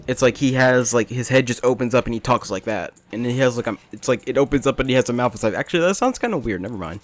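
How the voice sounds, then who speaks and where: A young man rambling through self-mocking gameplay commentary, with jokes and asides. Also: medium pitch. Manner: self-deprecating, rambling, jokey. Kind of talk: rambling let's play commentary.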